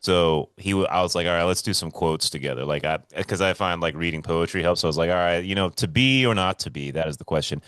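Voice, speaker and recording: A man's voice: sits low, fast, hardly any pauses, fairly bright tone, clean tone, dry recording, studio quality. A man co-hosting a podcast over a remote call, telling stories in a laid-back, swearing, casual way. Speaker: podcast co-host. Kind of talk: casual chat.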